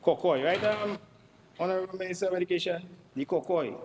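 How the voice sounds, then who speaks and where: A man's voice: high-pitched, fast, a little mellow. Emphatic Dominican man in parliament. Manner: emphatic, repeats "no, no, no" and addresses the Speaker. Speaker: member of parliament. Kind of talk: parliamentary budget debate speech. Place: parliament chamber. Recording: long chamber reverb with faint background noise.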